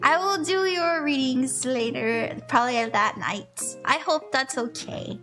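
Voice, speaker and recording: A woman's voice: high-pitched, a little slow, sharp tone, soft background music. A tired woman streamer giving palm readings in casual chat, laughing often. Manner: giggly and sleepy, laughing often. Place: room with echo.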